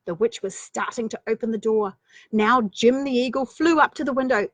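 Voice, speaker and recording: A woman's voice: a little high, moderate pace, no room sound. A woman reading a children's story aloud, playful, with chatty asides.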